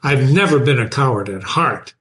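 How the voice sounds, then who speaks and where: A man's voice: mid-range voice, moderate pace, slight background noise. A man hosting a show, reading a novel aloud and often stopping to explain passages to his listeners. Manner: animated, breaks off the text to explain it.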